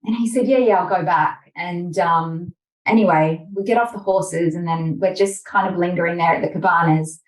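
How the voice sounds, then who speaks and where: A woman's voice: lowish voice, fairly even intonation, moderate pace. A woman, a mother of young children, telling a personal story in an interview and acting out her own panicked thoughts. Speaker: interview guest. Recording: distant, echoey room sound.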